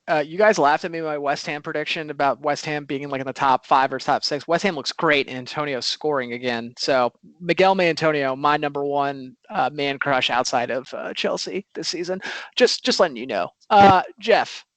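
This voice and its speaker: A man hosting a casual football podcast, talking in an animated, rambling way with lots of fillers. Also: a little high, normal speed, dry recording. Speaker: podcast host.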